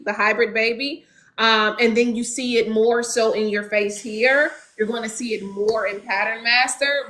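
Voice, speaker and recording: A woman's voice: a little high, fairly bright tone, poor audio. A woman hosting a casual book discussion over a video call, lecturing in a chatty way. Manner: chatty, lecturing, says y'all.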